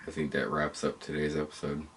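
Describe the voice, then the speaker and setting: A man co-hosting a casual podcast, speaking in a flat, expressionless monotone. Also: very deep voice, a little fast, husky. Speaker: podcast co-host. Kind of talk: casual chat.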